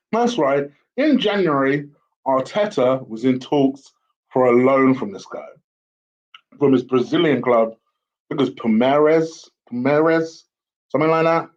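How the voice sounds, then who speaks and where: A man's voice: a little high, darkish tone. A man talking casually to camera as a football fan vlogger, blunt and opinionated. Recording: slightly dull lo-fi audio.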